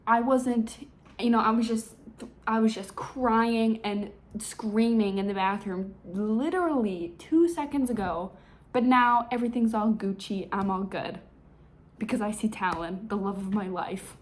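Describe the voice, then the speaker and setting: A woman's voice: medium pitch, measured pace, lightly acted. A woman voicing a lovesick young woman in a mock paraphrase, talking in a breathless, gushing singsong. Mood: giddy.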